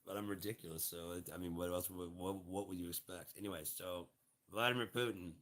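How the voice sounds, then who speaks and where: A man's voice: sits low, steady tone, fairly quick, fairly bright tone. A man in his late forties rambling through a profane, laughing solo rant. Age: 40s. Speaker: vlogger.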